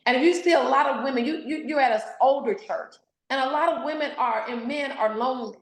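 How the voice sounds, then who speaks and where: A woman's voice: high voice, fast, echoey room, poor audio. A woman author and speaker giving an interview, exhorting in an emphatic, sermon-like way. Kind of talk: candid interview, preacherly.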